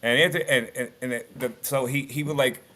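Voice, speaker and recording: A man's voice: mid-range voice, fairly quick. A middle-aged man, a former sports radio host telling stories bluntly in a casual podcast chat. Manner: animated storyteller, blunt, lots of restarts.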